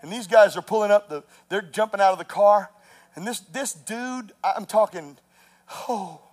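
A man preaching a sermon as pastor, rising to shouts and telling stories with laughter. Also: high-pitched, normal speed.

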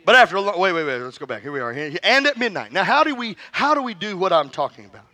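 A man's voice: high-pitched, big pitch swings, fast, sharp tone. A middle-aged male pastor preaching a fervent sermon with call-and-response, telling stories and joking with the congregation.

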